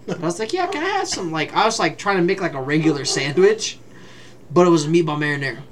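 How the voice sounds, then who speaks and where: A man's voice: fairly high pitch, fast talker, slight background noise. A man in casual conversation who swears freely and acts out the people in his stories. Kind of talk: casual chat.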